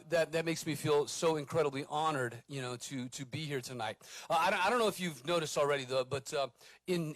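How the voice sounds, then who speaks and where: A middle-aged man from Texas hosts an awards night, making up his speech as he goes, with plenty of fillers and jokes at his own expense. His voice sits a little high for a man. The sound is close and dry. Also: dry recording. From Corpus Christi, Texas. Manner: rambling, self-deprecating, lots of uh fillers. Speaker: awards ceremony host. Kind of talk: unscripted ceremony speech. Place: awards ceremony venue.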